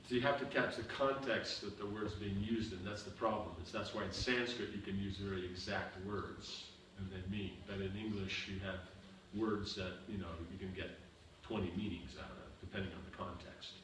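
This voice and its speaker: A man's voice: sits low, fairly even intonation, normal speed, few pauses. Echoey, distant man teaching a seminar. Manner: explains with repeated examples and frequent "you know" and "you understand?". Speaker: spiritual teacher answering seminar questions. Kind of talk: seminar Q&A lecture. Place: seminar room. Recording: echoey room, far from the mic, faint noise.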